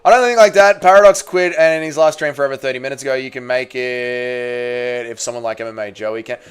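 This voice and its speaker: A young Australian man on a livestream, chatting with viewers, reading their messages, swearing freely and shouting at a fight as it unfolds. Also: mid-range voice, brisk, smooth, soft background music. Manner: swears freely, reads chat aloud, yells at the fight. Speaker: streamer. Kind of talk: casual livestream chat and fight reaction.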